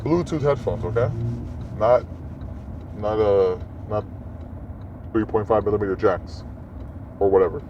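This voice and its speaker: Low-voiced man rambling on a podcast. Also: steady tone, unhurried, long pauses. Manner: rambling, talks straight to listeners. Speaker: podcast host. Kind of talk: casual solo monologue. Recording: muffled lo-fi recording, faint noise.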